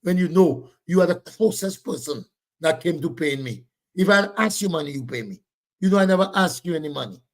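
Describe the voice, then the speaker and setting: Guy on a livestream, talks loud and blunt, bit higher voice, keeps repeating himself. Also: animated, brisk. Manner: loud, blunt, repetitive scolding of commenters. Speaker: livestream host reading viewer comments. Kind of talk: casual livestream chat.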